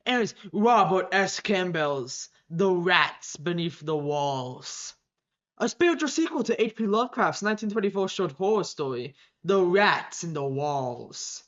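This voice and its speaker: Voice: medium pitch, unhurried. A podcast co-host in casual chat, playful and defensive, with trouble on R sounds, on a slightly dull recording. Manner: playful, defensive, deadpan repeats. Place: recording room in Boston.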